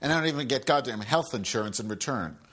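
A man with a husky, somewhat breathy voice delivers a profane solo podcast rant. He sounds angry and sarcastic, and keeps drifting into side remarks. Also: mid-range voice, lively intonation, quick pace, fairly bright tone. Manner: rambling with frequent asides. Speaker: podcast host.

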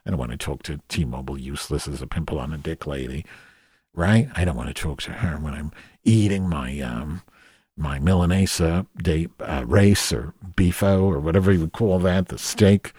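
A man with a low voice rants through a comic story, swearing freely and sounding exasperated. The sound is close and dry. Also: normal speed, a little mellow, slightly rough, dry recording. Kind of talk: comedic rant monologue.

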